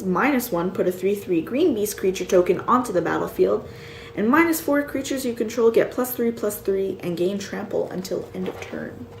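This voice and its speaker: A tired, yawning woman showing off a card game box set, slowly reading out card names and sometimes unsure how to say them. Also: medium pitch, mellow. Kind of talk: casual show-and-tell. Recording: echoey room with faint ambient noise.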